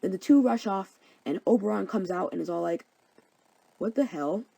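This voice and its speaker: A woman's voice: medium pitch, brisk, creaky, warm tone, husky, no room sound, rough recording. A young woman narrating a comedic story summary in a flippant, slangy way.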